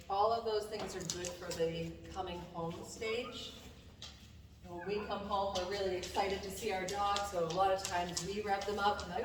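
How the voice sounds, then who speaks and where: A woman dog trainer giving a calm, casual lesson, softly praising her dog between explanations. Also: medium pitch, normal speed. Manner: calm, soft-spoken, praises the dog often. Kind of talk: casual instructional talk. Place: indoors at home with a dog. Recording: distant mic in an echoey room with long reverb and noise.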